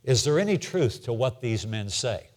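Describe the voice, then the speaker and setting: A man's voice: mid-range voice, lively intonation, moderate pace. An older man teaching a Bible class in a church, speaking plainly, asking the room questions and repeating his key points. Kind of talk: conversational Bible lesson.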